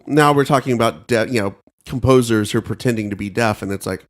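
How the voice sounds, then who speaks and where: A man in his thirties co-hosting a podcast in casual, animated banter, jumping up in pitch when he quotes himself. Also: fast talker, few pauses. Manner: animated, mock-conspiratorial, jumps pitch when quoting himself. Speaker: podcast co-host.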